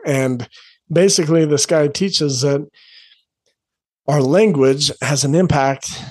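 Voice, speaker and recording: A man's voice: medium pitch, a little mellow, dry recording. A man, a coach hosting his own podcast, telling a story in a rambling, casual way with lots of filler words. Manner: rambling, conversational, many "like" fillers.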